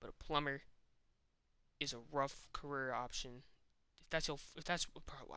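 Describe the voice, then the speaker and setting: A man's voice: mid-range voice, a little slow, pushed and bright, smooth, dry recording. A young man talking casually and candidly to camera, in a slangy, self-reflective way. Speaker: vlogger. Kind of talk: casual personal monologue.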